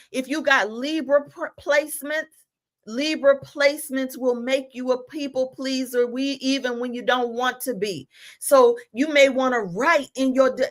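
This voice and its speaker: A woman's voice: a little high, a bit bright. A woman giving a spiritual teaching talk, preaching emphatically and reading out declarations. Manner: self-aware of talking fast.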